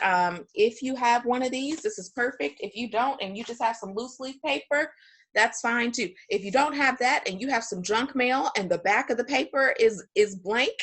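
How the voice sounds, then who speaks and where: Woman class instructor, casual and self-deprecating, mid-pitched, teaching online and reading aloud. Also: a bit bright. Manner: chatty, joking, self-deprecating.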